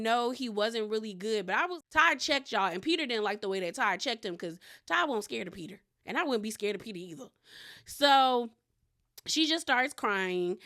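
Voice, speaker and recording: A woman's voice: on the high side, fairly bright tone. A young woman giving a casual, opinionated recap of a reality show, often acting out what the cast members said. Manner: chatty, opinionated, quotes others in character voices.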